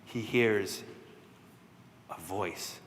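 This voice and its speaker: A man telling a children's story at a worship service, playful and lively, with asides to his listeners. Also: fairly low pitch, very slow, a little hiss or hum. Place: church sanctuary. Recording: long church reverb.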